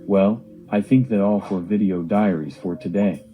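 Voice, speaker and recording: A man's voice: low voice, moderate pace, highs cut off, faint music behind. A man narrating a homemade cartoon video diary with simple, earnest storytelling.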